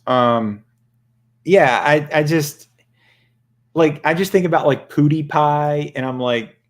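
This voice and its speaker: A man's voice: a little high, takes it slowly. A man hosting a casual livestream chat, rambling and joking with plenty of profanity. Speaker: channel host.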